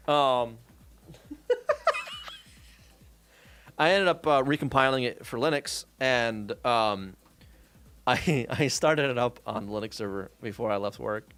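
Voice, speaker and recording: A man venting on a stream in an exasperated, profane way, his pitch jumping up and down. The voice sits a bit higher than most men's and sounds dry and close. Faint music plays behind him. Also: expressive, measured pace, a bit bright, dry recording. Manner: exasperated, swears freely, many fillers and 'right?'. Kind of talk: casual profane rant about programming.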